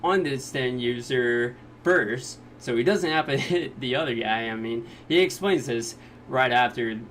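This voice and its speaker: A man recapping anime episodes in casual, jokey talk, sometimes quickly acting out the characters' lines. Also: medium pitch, fairly bright tone, slight background noise. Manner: jokey retelling, quick quoted voices of characters. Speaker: anime reviewer.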